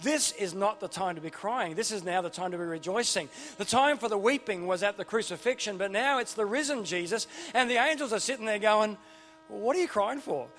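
A man's voice: sits high, a little fast, hardly any pauses, a bit bright. A man preaching an informal sermon, enthusiastic and chatty, often restarting his sentences and drifting into asides. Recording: long reverb with faint music behind.

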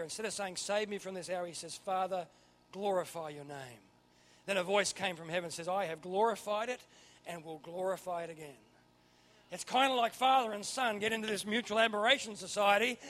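A man preaching a sermon, swinging from quiet asides to loud emphatic bursts. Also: high voice, a little fast. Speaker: pastor.

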